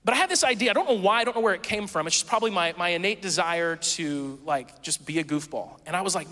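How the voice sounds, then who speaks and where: A man preaching a sermon, telling a story in a casual, self-mocking and animated way. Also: sits high, quick pace, hardly any pauses, long reverb tail. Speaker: pastor.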